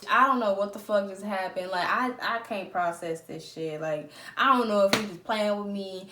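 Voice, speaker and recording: Animated profane woman vlogger, roomy. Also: medium pitch, moderate pace, noisy background. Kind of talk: storytime vlog. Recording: roomy echo.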